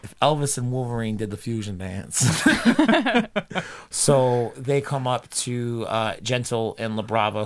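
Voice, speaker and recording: A man co-hosting a podcast, recapping an anime episode in casual, profane chat with jokey asides. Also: fairly low pitch. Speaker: podcast co-host.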